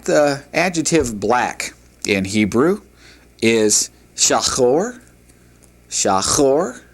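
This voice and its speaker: Man slowly drilling vocabulary pronunciation. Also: medium pitch. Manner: slow, careful pronunciation drills with repeated words; frequent fillers and restarts. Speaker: Hebrew teacher. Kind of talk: recorded classroom lecture.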